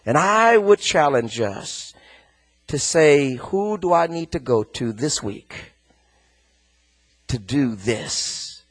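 A man preaching a sermon as pastor, rising from quiet speech to a shouted, sing-song cadence. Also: medium pitch, big pitch swings, slow pace, long pauses, rough recording.

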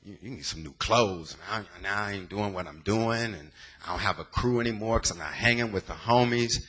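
A man's voice: fairly low pitch, brisk, a bit bright, breathy edge. A man from the Bay Area giving a dramatic, emotional personal testimony in a sermon, using plain street slang. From San Francisco Bay Area.

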